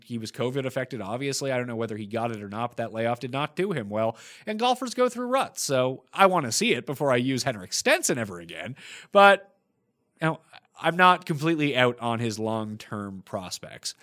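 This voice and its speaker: A man's voice: mid-range voice, a bit bright. A man hosting a podcast in casual chat, answering listener questions one after another in a blunt, profane way. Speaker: podcast host.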